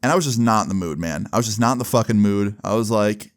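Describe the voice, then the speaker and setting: A man's voice: lowish voice, animated, quick pace. A young man casually telling a story to camera, exasperated and swearing freely. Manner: profane, exasperated retelling. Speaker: storytelling vlogger.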